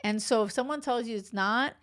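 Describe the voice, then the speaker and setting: A woman's voice: on the high side, a little fast, fairly bright tone. A woman in her forties hosting a dating podcast as a coach, talking bluntly in a casual monologue, swearing freely and laughing between asides.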